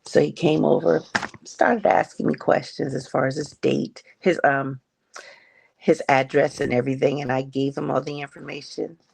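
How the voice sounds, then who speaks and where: A middle-aged woman slowly and haltingly telling a painful personal story as a podcast guest. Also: low-pitched, level tone, vocal fry, a little mellow, breathy edge. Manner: slow, halting, emotional retelling. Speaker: guest sharing her story. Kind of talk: personal testimony on a grief podcast.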